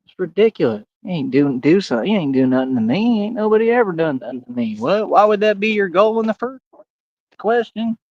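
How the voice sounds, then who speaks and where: A man's voice: sits high, big pitch swings, a little fast, darkish tone, dry recording, lo-fi sound. A man in a casual livestream rant, using street slang, repeating himself and talking straight to his viewers. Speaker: livestream host.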